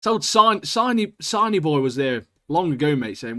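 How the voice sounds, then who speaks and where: A man's voice: a little high, lively intonation, a little fast, sharp tone. Slangy, enthusiastic man. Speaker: podcast co-host. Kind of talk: casual chat.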